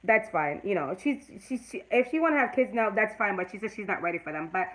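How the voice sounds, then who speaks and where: A woman's voice: mid-range voice, expressive, quick pace, a bit bright, rough recording. A woman in her forties talking to her live chat in a personal vlog, earnest and at times tearful, then emphatic and preachy. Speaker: YouTube vlogger.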